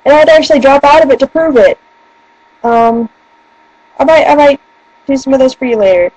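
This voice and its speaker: A woman's voice: sits high, fairly quick, a little mellow, no echo, muffled recording. A young woman with a northern US accent, chatting casually in a rambling, giggly way. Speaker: vlogger. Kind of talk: casual chat. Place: room at home by a bookshelf.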